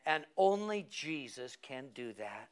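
A man's voice: medium pitch, very animated, slow pace, clear, resonant tone. A man preaching a sermon, reading a story aloud and building to emphatic, fervent climaxes.

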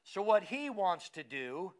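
A man with a high voice preaches to his class. He asks the room questions and calls on people by name as he teaches. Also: big pitch swings, measured pace. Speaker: pastor. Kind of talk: sermon teaching.

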